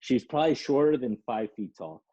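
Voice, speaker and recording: Casting note: husky-voiced man, rambling storyteller, dull lo-fi recording. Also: mid-range voice, sing-song, a little fast, mellow. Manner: rambling, laughing, swears. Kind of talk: casual storytelling.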